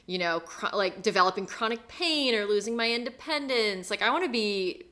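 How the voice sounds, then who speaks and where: Bright-voiced woman, upbeat chat. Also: mid-range voice, lively intonation, moderate pace. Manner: upbeat, conversational, laughs easily. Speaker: podcast co-host, physical therapist. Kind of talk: casual chat.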